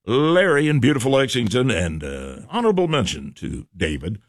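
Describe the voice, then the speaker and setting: A man's voice: medium pitch, very animated, moderate pace, dry recording. A man hosting a local morning radio show, joking and rambling as he reads out trivia callers and fumbles with the studio equipment. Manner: jokey, rambling, talks to himself while fumbling equipment. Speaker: radio host. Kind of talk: casual radio chat. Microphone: studio microphone.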